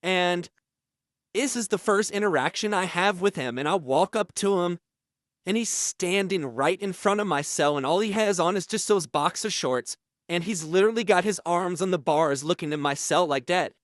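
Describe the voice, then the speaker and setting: A man telling an absurd prison story in an earnest, deadpan way. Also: high-pitched, normal speed, no echo, clean studio sound. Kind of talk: comedic storytelling.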